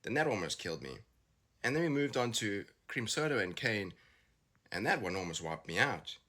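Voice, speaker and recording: Animated man telling a joke. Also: fairly low pitch, normal speed. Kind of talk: comedic storytelling to camera.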